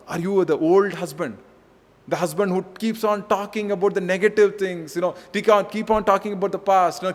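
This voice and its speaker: An Indian man serves as pastor delivering a sermon, earnest and repetitive, shifting between gentle and forceful delivery. His voice is slightly high and he's in a large hall.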